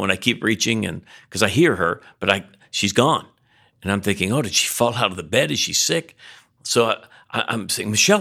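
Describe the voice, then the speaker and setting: A man's voice: low-pitched, gravelly, fairly bright tone. A middle-aged male pastor preaching a sermon, telling a personal story with frequent restarts and emphatic peaks.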